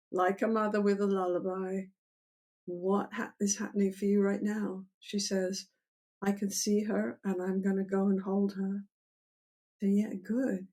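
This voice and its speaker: In an interview, an older woman therapist animatedly explains how she works, acting out dialogue between a client and a therapist. Her voice is mid-range.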